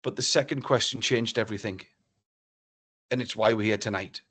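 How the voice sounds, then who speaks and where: A man from northeast England giving a motivational keynote talk, telling a story in an animated, theatrical way. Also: fairly low pitch, a little fast. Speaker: keynote speaker.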